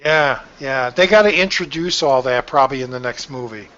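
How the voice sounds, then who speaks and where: A man's voice: mid-range voice, a little fast, sharp tone. A man chatting casually, retelling scenes loosely with trailing filler. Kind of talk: casual chat. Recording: dull lo-fi call audio.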